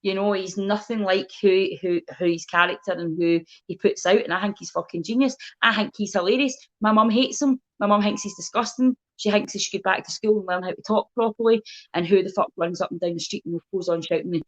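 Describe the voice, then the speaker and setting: A woman from Scotland with a medium-pitched voice talks fairly quickly as a guest in a relaxed chat. She's a comedian, and her storytelling is energetic, blunt, and full of swearing.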